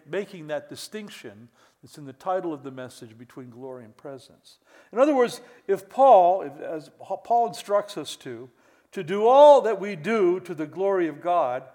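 A man's voice: a little high, a little mellow. An older man, a pastor preaching a sermon to church leaders with many restarts and mock exclamations.

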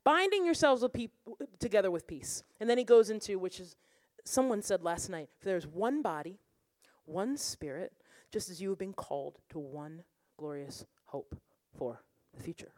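A woman worship pastor preaching a lively sermon, laughing and breaking into song now and then. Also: medium pitch, normal speed, dry recording. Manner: animated preaching, bursts of laughter, sings lines. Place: church or conference room.

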